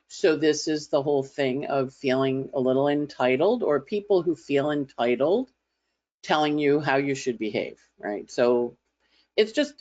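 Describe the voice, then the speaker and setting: A woman astrologer giving a casual weekly forecast, talking in a chatty, conversational way and slipping into playful voices as she imitates others. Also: sits low. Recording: slightly dull lo-fi audio.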